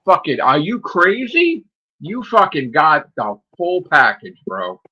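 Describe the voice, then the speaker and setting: Profane, mocking New stream host; bright, husky voice on a dull lo-fi recording. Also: male voice, on the high side, wildly swooping pitch, takes it slowly. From United States. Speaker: channel host. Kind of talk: casual stream chat.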